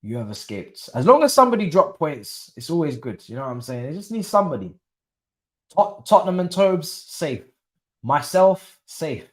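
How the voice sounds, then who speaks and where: A man's voice: high-pitched, big pitch swings, normal speed. A young man, commentating casually on a live football watchalong and chatting to his viewers in slang. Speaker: watchalong streamer.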